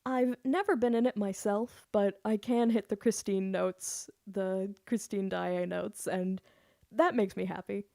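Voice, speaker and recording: A woman's voice: medium pitch, steady tone, measured pace, vocal fry, warm tone, no echo, studio quality. A woman singer chatting casually on her live stream, giggly and loose, swearing now and then.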